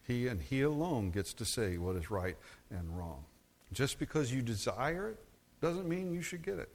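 A man preaching a sermon as a pastor, swinging from low, measured stretches to high, forceful emphasis. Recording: long hall reverb.

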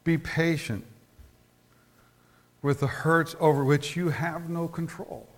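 Man preaching a slow, storytelling sermon. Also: on the high side, fairly even intonation. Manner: tells stories, often repeats words, slows for emphasis. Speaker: pastor.

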